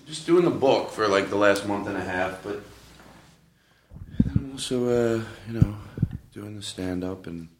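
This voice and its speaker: A man's voice: fairly low pitch, expressive, a little slow, pauses often, background noise. A man talking as a podcast guest comedian in casual chat, rambling, swearing and laughing often.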